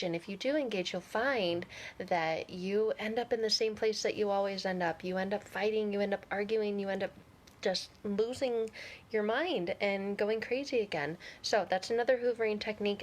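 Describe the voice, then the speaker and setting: A woman vlogger talks straight to camera in a casual, candid way. She is blunt and sarcastic and laughs often. Her voice sits at a middle pitch.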